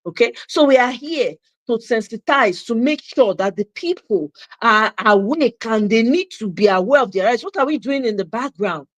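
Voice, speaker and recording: A woman's voice: fairly high pitch, lively intonation, moderate pace, hardly any pauses, no echo. Fired-up Nigerian woman ranting. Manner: passionate ranting, mixing Nigerian Pidgin into English. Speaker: host. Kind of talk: live political commentary show.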